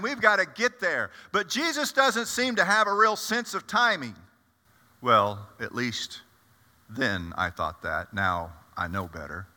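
A man's voice: medium pitch, sharp tone, exaggerated voice. A man performing a first-person monologue as the apostle Peter, a blunt and impetuous fisherman, with chatty, confiding asides to the audience. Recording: echoey hall.

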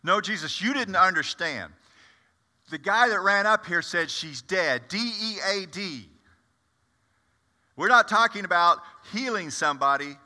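A man's voice: high-pitched, animated, normal speed, bright, forceful tone, exaggerated voice. A man performing a first-person monologue as the apostle Peter, a blunt and impetuous fisherman, with chatty, confiding asides to the audience. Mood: storytelling. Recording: echoey hall.

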